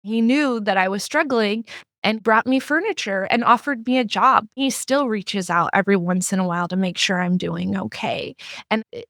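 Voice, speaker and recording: A woman's voice: mid-range voice, dry recording, studio quality. A middle-aged woman talking candidly as a guest writer, telling stories and acting out what people said to her. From not from the Midwest. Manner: candid storyteller who acts out quoted exchanges. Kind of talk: casual podcast conversation.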